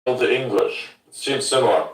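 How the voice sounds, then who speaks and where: A man's voice: medium pitch, a little fast. A man from Germany ranting bluntly and swearing in a casual podcast chat. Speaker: podcast host. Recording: roomy sound from a distance.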